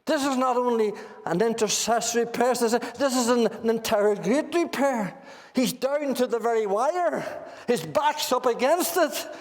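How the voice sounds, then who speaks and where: A man's voice: very high-pitched, moderate pace. A man with a Northern Irish accent preaching a sermon in a church meeting hall, earnestly putting questions to his listeners.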